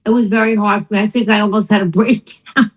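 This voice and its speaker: An older woman, a business founder and guest, telling her story in an interview with emphatic, animated delivery. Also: medium pitch, fast talker, poor audio.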